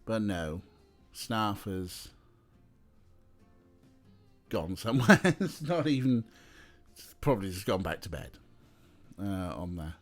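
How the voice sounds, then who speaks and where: A man's voice: sits low, big pitch swings, slow, pauses often, soft background music. A young man streaming, chatting casually and talking to his cats as he plays. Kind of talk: casual live-stream chat.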